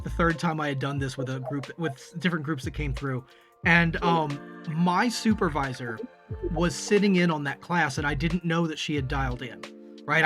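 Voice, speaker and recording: Animated man telling a long joke story. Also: fairly high pitch. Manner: animated, with frequent restarts and laughs. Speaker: Magic rules instructor. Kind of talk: casual storytelling in conversation.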